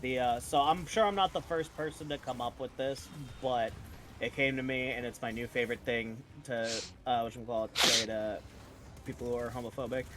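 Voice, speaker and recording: A man's voice: mid-range voice, fairly even intonation, a little fast, fairly bright tone, slight background noise. A man chatting casually with gaming friends, rambling through a story with lots of fillers and frequent laughter. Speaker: gamer streaming with friends. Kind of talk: casual chat.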